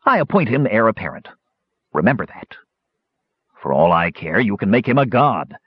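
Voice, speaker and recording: A lonely, unhinged king rants with grandiose menace, his voice swinging from hushed threats to loud outbursts, as a man acts him out. The tone is husky and lively in pitch. The recording is dull and dry. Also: normal speed, no echo.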